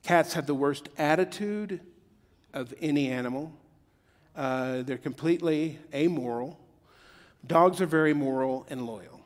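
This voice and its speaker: A man's voice: a little high, unhurried, in a large hall. A middle-aged man preaching a sermon in a joking, conversational way that builds to emphatic peaks. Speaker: pastor.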